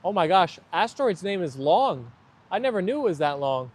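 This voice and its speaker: A man with a fairly high voice hosts a relaxed live stream. He keeps up a loose, friendly stream of chatter as he reads out viewers' comments and answers them one by one. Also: normal speed, slightly rough. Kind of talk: casual live stream chat.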